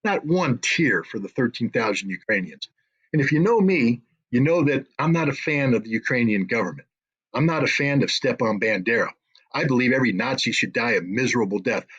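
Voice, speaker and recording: A man's voice: mid-range voice, lively intonation, brisk, a bit bright, breathy edge, highs cut off. A man speaking as an interview guest, emotional and indignant, repeating phrases for emphasis. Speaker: guest commentator. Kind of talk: impassioned interview talk.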